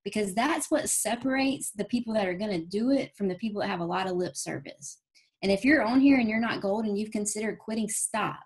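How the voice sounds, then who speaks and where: A woman giving an earnest, folksy motivational talk on a team training call. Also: medium pitch. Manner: folksy, earnest, fast-moving pep talk. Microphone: phone or call audio.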